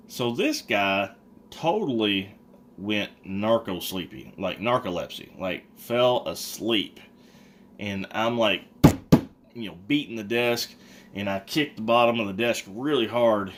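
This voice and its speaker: A man casually telling a personal story on his vlog, animated and acting out what other people said. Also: lowish voice, normal speed, a little hiss or hum. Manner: animated, acts out quotes of others. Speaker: vlogger.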